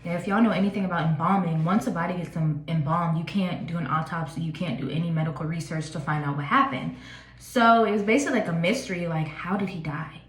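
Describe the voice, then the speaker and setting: Chatty woman in her twenties, lower voice. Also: fast. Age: 20s. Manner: casual, chatty, many fillers. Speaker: vlogger. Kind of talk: personal storytelling vlog. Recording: echoey room.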